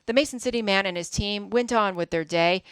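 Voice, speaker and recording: A woman news reporter reading scripted narration in a measured, deliberate way. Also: mid-range voice, clean tone, no echo.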